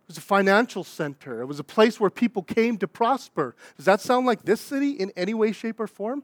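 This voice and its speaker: Young man, pastor, chatty animated sermon style, higher voice, dry sound. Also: a little fast, no echo. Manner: conversational, animated preaching with asides and acted quotes.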